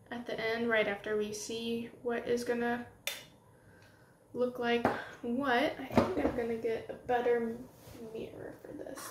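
A young woman doing a casual makeup tutorial at home, gushing and excitable as she talks while applying makeup. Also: a little high, slight background noise. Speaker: beauty vlogger. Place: home room with setting sunlight. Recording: roomy home recording with faint ambience.

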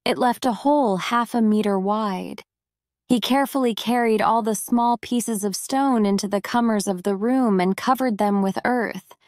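A woman narrating a story for English learners in a clear, deliberate way. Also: on the high side, darkish tone, no echo, clean studio sound.

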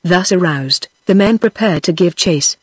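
A synthetic woman's voice with a British accent, reading a story aloud in a steady, machine-like way and sometimes speaking punctuation marks. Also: lowish voice, unhurried, breathy edge, no echo. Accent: British English. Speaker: audiobook narrator. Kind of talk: text-to-speech book reading.

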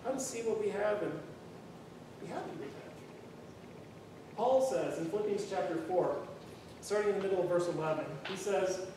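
A man's voice: high voice, moderate pace, long pauses, dark tone. A man preaching a sermon in a conversational, earnest way, often restarting and saying "you know", in a church. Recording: very echoey room, far from mic, faint noise.

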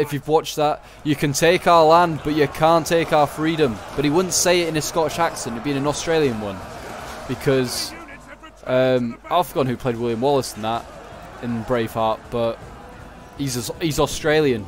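Over a strategy game battle, a man gives casual, chatty commentary in a slightly high voice at normal speed, with a little background noise. He thinks aloud, using many fillers and restarts.

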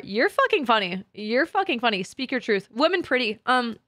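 A woman's voice: a little high, sing-song, moderate pace, a bit bright, dry recording, clean studio sound. A woman streaming as a VTuber in casual chat, swearing freely and breaking into laughter often. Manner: profane and giggly, swears often and laughs a lot.

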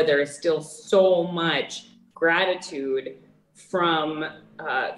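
A woman's voice: deep voice, echoey room, rough recording. A Canadian woman joining the show from France, speaking earnestly and reflectively. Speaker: guest on the phone. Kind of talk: remote interview chat. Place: outdoors on vacation in France.

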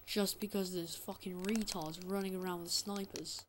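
A gaming channel host rants angrily over gameplay, his commentary heavy with profanity and exasperated throughout. His high-pitched voice holds a steady tone at a moderate pace with few pauses, and there's background noise.

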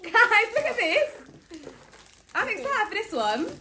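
A young woman with a high, animated voice, teasing her co-host during a snack-tasting vlog. She laughs often and keeps it casual. Faint noise sits under her voice. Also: unhurried. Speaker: vlogger taste-testing snacks. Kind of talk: casual chat.

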